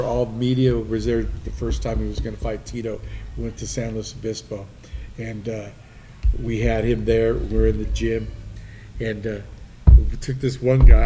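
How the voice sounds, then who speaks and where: Gravelly guy hosting a podcast, swears a lot, tells stories, bit of hiss behind. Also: lowish voice, flat delivery, moderate pace, dark tone. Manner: swearing storyteller, acting out quoted voices. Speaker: podcast host. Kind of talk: casual storytelling chat. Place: restaurant venue, live podcast. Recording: faint noise, live remote venue.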